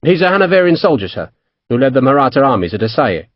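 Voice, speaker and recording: A man's voice: medium pitch, sing-song, fast, no room sound, highs cut off, natural voice. A man voicing a plain-spoken, guarded army officer in an audiobook, respectful and careful with his words. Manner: respectful, careful, says sir. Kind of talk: audiobook character voice.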